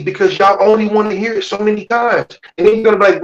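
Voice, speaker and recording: A man's voice: high voice, fast, hardly any pauses, dull audio. A man hosting a live-stream talk show, speaking bluntly and preachily, with lots of swearing. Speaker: podcast host. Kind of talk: casual chat on a live stream.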